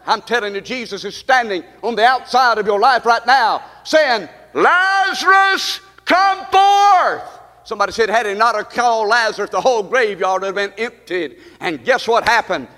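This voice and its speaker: A man's voice: high voice, a little fast, few pauses, fairly bright tone. A man, a pastor preaching a sermon in a church, calling out to the congregation with a rising and falling delivery. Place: church sanctuary. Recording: live stream with long hall reverb.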